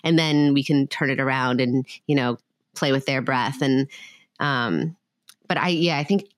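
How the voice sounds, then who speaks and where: A woman hosting a podcast chats casually about parenting. She has a low voice, and the recording is close and dry, with no room sound. She talks in a loose, chatty way, full of "like". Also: measured pace, no room sound. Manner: chatty, peppered with "like". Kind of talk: casual chat.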